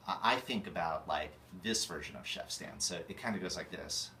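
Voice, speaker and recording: A man's voice: low voice, moderate pace, gravelly, pushed and bright, roomy sound, recorded from a distance, slight background noise, poor audio. A man from California, a chef, talking through a radio ad off the cuff with many fillers and restarts. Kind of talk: unscripted ad read.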